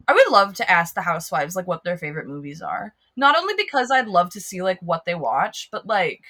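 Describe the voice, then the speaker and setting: Bright, lively young woman podcast host. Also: lowish voice, fairly quick. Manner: chatty, many "like" fillers, giggly. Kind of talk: casual film podcast chat.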